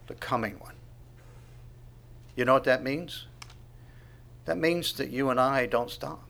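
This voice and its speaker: A man preaching a sermon, asking the congregation questions and swinging from quiet asides to loud proclamation. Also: mid-range voice, measured pace, vocal fry. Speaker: pastor.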